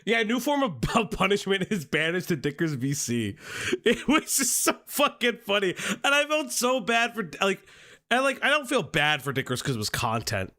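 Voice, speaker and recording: Animated, laughing man telling a story. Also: high-pitched, moderate pace. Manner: animated, laughs often mid-sentence, heavy swearing. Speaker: stream host. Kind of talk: casual storytelling on a commentary stream.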